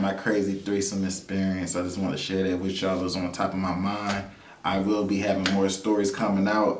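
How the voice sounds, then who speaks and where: A man hosting his own vlog, telling a personal story in a loose, animated way with frequent laughs and repeated phrases. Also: sits low, a little hiss or hum. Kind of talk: casual storytelling monologue. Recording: roomy sound from a distance to the mic.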